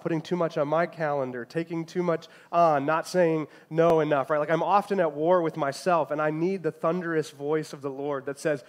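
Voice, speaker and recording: A pastor addresses his congregation from the front of a church, his voice sitting a little higher than most men's. His delivery is casual and animated, full of jokes and asides to the room, and settles into a quieter tone when he prays. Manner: casual, joking and animated from the pulpit. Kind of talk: sermon. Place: church sanctuary.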